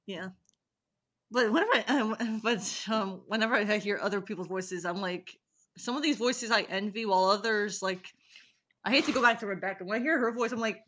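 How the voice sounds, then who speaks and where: A teenage girl hosting a casual chat, rambling and giggling between quick asides. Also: medium pitch, sharp tone. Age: teens. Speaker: host. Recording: echoey call audio.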